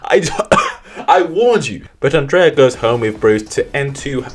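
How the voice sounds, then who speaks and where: A man's voice: medium pitch, lively intonation, measured pace, faint music behind. A young man recapping a film in casual, rambling commentary, swearing and mocking himself. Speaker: movie reviewer.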